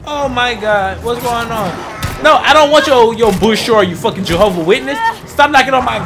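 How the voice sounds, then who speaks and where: A man giving casual gameplay commentary as a gaming channel host, loud, profane and jokey, talking trash to the enemies. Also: very high voice, lively intonation, normal speed. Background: game music and gunfire.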